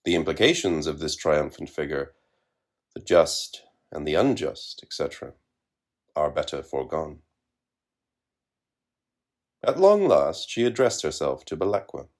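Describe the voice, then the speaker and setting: A man narrating literary fiction in a measured, wry reading. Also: a bass voice, very animated.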